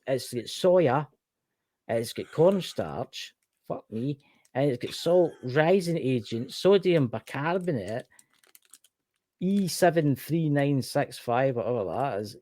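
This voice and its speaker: A man's voice: mid-range voice, unhurried, dry recording. Scottish guy on a podcast, dry close sound, worked up and swearing, rattling on. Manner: animated ranting with swearing. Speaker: podcast co-host. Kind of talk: casual chat.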